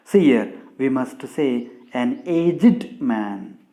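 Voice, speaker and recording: A man teaching English pronunciation slowly, spelling out sounds one by one and ending phrases with a friendly "my dear friends". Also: animated, dark tone. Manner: slow, deliberate, repeats "my dear friends", drops pitch at phrase ends. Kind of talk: slow classroom explanation.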